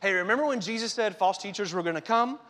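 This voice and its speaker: Male pastor, casual yet emphatic sermon delivery, slightly high voice. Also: lively intonation, quick pace, fairly bright tone, in a large hall. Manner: conversational preaching, emphatic repetition.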